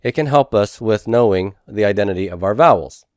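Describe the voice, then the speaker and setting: A man's voice: lowish voice, expressive, a little fast, a little mellow, no echo, clean studio sound. A man teaching a lecture, explaining rules step by step and asking the class rhetorical questions. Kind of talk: recorded lecture.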